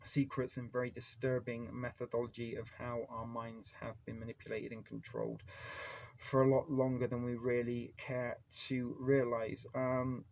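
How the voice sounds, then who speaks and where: A man's voice: medium pitch, monotone, moderate pace, creaky, a little mellow, slight background noise. A man hosting a casual live stream, rambling and chatty as he talks straight to his viewers. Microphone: phone.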